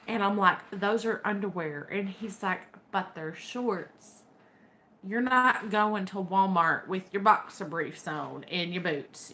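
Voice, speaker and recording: A young woman from Texas speaks in a relaxed, slow drawl, telling chatty stories with a wry edge. Her voice sits at a middling pitch for a woman. A faint background hiss runs under the recording. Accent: Texan. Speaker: vlogger. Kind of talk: casual chat to camera.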